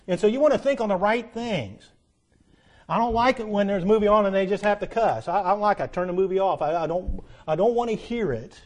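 A middle-aged man preaching a sermon earnestly, dropping low at the ends of lines and rising for emphasis. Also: brisk, a little mellow. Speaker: pastor.

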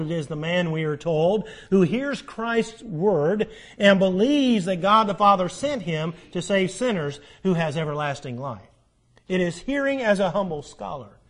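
A middle-aged preacher with a high, bright voice. He delivers a sermon, firing rhetorical questions at his listeners and repeating key phrases for weight. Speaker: pastor.

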